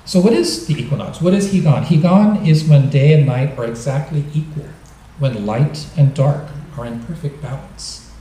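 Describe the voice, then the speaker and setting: A man giving a dharma talk, explaining gently and joking now and then, recorded in a temple hall. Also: on the high side, moderate pace. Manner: gentle, explanatory, with light humor. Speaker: minister. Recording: echoey hall, mic at a distance.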